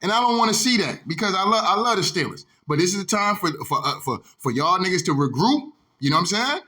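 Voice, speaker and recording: A high-pitched man rants about his sport like a fired-up host. His voice is bright and forceful, and he talks heated and profane, circling back to the same points over and over. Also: sing-song, fast. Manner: heated, repetitive, profane, keeps saying "dog". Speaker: sports vlogger. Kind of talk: ranting sports commentary.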